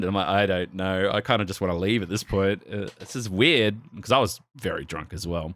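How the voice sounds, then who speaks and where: A young man on a podcast, a low voice that swings widely in pitch as he acts out the people in his story. He swears freely and laughs often, sounding close and dry on the mic. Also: lively intonation, fairly quick, fairly bright tone, no echo. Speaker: podcast co-host. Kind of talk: casual podcast chat, storytelling. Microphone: desk microphone with arm.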